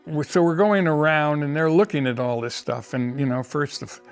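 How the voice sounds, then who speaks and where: Older man, gravelly storyteller who restarts often, faint music bed. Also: fairly high pitch, steady tone, fairly quick. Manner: rambling, with repeated restarts and acted quotes. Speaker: interviewee storyteller. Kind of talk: casual storytelling.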